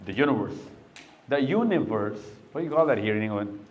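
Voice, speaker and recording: A man's voice: mid-range voice, big pitch swings, fast, narrow, tinny audio. A middle-aged man speaking to young people in a live talk, quizzing them patiently and then telling a long story. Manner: questioning, coaxing and storytelling.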